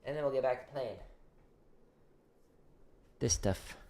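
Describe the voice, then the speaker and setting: A man hosting a drum practice livestream, explaining patterns in a loose, conversational way. His voice sits at a middle pitch, and he talks through each exercise while he demonstrates it. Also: slow, warm tone. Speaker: drum teacher streaming practice. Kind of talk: casual livestream instruction.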